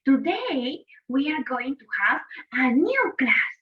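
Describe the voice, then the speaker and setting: A woman teaching a children's English lesson in a slow, sing-song, exaggerated way. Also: sits high, big pitch swings. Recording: distant, dull lo-fi recording.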